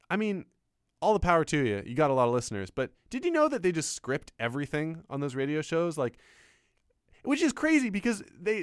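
A man's voice: mid-range voice, clear, resonant tone, dry recording. A man riffs on air in a studio, rambling through jokes at his own expense. His voice swings widely up and down as he goes. The sound is dry and close to the mic. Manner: rambling, self-mocking, animated. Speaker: comedian on a radio show. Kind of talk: casual riffing monologue. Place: radio studio.

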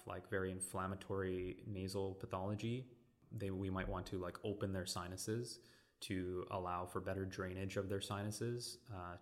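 Young man, very deep voice, monotone, casual explaining, lots of "like" fillers. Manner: relaxed, filler-heavy explaining. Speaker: ENT surgical resident. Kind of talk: casual explanatory interview talk.

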